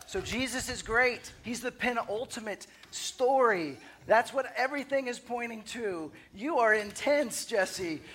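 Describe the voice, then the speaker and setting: Man, preacher, flustered, joking asides, mid-pitch voice. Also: sharp tone, a little hiss or hum. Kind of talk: comic sermon challenge. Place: church stage.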